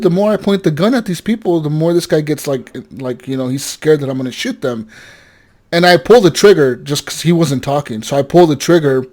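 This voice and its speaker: Young male podcast co-host, higher-pitched, animated storyteller who swears and acts out the dialogue. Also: fairly quick. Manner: animated storytelling, swearing, quoting game characters. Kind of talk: casual gaming chat.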